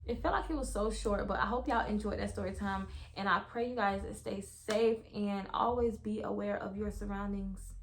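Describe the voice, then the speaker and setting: A young woman, casually telling viewers a story in a vlog, animated, full of slang and swearing. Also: mid-range voice, moderate pace, hardly any pauses, a little hiss or hum. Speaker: vlogger.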